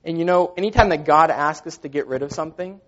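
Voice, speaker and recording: A man's voice: on the high side, quick pace, fairly bright tone. Earnest man preaching a sermon. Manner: earnest, conversational with repeated fillers. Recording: dull lo-fi sound.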